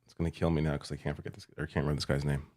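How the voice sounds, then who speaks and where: A man co-hosting a casual panel chat, joking and quick to laugh. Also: extremely low pitch, flat delivery, darkish tone. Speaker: podcast co-host.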